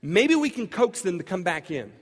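A man's voice: high voice, sing-song, normal speed. A man playing an alarmed ancient Israelite man who cuts in on a crowd in an urgent, raised voice. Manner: urgent, talks over others. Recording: long hall reverb.

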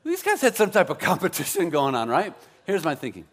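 A man's voice: a little high, wildly swooping pitch, brisk. A man preaching a sermon as pastor, conversational and joking, with self-deprecating asides.

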